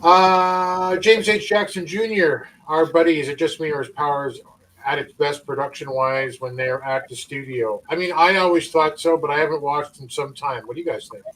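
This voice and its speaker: Man with a higher voice, off-mic. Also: moderate pace, far from the mic, poor audio. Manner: relaxed, hesitant, with many fillers. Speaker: podcast host. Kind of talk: casual podcast chat.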